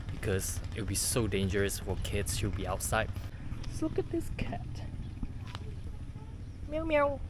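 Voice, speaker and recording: An easygoing young man narrates his walk through a village. His casual, chatty commentary is filled with "like" fillers. The recording is outdoors, with clear street noise behind him. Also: fairly low pitch. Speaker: travel vlogger. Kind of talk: casual walking vlog commentary.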